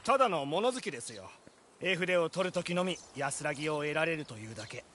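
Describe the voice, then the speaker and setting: A calm, courteous painter. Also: male voice, a little high, racing, a little hiss or hum. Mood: gentle, measured. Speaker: game character, a painter. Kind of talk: Japanese video game voice acting.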